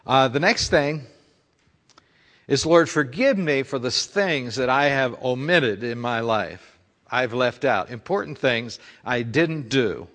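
A man's voice: mid-range voice, animated, slow pace, a bit bright, in a large hall. A male pastor preaching a conversational sermon full of rhetorical questions.

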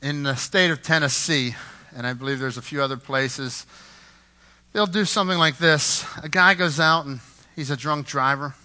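Fiery preacher man with a bright voice. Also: on the high side, normal speed. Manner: impassioned, swings from loud emphasis to hushed; repeats words when building a point. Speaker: pastor. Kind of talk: sermon.

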